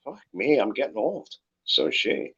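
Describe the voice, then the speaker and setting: A man's voice: on the low side, very animated, normal speed, vocal fry, a bit bright, husky. A middle-aged man hosting a casual late-night chat stream, rambling, swearing freely and laughing through his stories. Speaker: host. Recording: lo-fi dull microphone.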